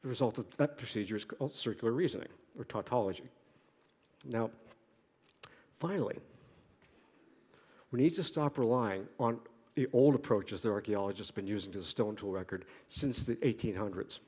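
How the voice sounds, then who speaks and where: A man giving an academic conference lecture in a lively, joking way, asking rhetorical questions. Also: lowish voice, normal speed, long pauses, husky. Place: lecture hall. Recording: echoey lecture hall.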